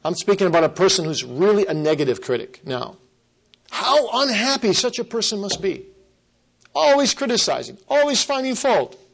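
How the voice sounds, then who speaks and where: Earnest preaching man, fairly high voice. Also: sing-song, vocal fry, a bit bright, poor audio. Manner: earnest, emphatic repetition with slow stressed phrases. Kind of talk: sermon.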